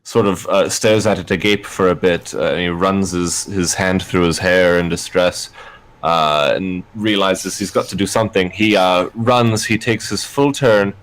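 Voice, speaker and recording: A man playing a tabletop game, describing his character's moves in a halting way with many fillers. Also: deep voice, fairly even intonation, fairly bright tone, poor audio. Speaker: player.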